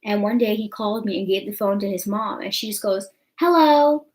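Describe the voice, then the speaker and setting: A woman's voice: medium pitch, little pitch movement, fast, rough recording. A young woman telling a story to her camera in a rambling, chatty way, full of fillers. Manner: chatty, rambling, full of fillers like "you know what I'm saying". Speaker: vlogger.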